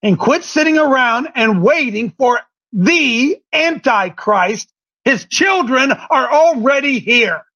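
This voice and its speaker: A man preaching an impassioned sermon, swinging between shouted declarations and quieter, lower asides. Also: animated, slow pace. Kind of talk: fiery sermon. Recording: dull lo-fi recording.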